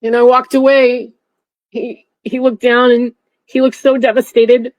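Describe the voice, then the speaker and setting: A middle-aged woman, a former airport security officer, recounting a painful memory in a halting way with many restarts. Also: fairly high pitch, flat delivery, a little mellow, muffled recording. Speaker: interview guest, former TSA officer. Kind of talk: emotional personal recollection.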